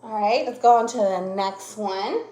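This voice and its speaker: Slow-talking woman teacher in an echoey room. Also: medium pitch, mellow. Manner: slow, exaggerated voice changes to demonstrate punctuation. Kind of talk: classroom lesson for young children.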